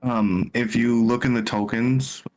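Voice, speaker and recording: A man's voice: medium pitch, steady tone, a little slow, darkish tone, faint music behind. A man playing a tabletop game, talking loosely with plenty of fillers. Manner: loose, filler-heavy talk. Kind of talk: casual chat.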